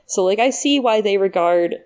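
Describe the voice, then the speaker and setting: A woman's voice: mid-range voice, lively intonation, normal speed, a little mellow. A woman in casual podcast chat, thinking aloud as she walks through details. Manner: thinks aloud, breaks down details with fillers and laughs. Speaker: podcast co-host.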